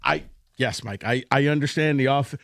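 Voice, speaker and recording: A man's voice: mid-range voice, fairly quick, gravelly, fairly bright tone, dry recording. A man co-hosting sports talk radio, defensive and mock-aggrieved, speaking into a studio microphone. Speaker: radio co-host.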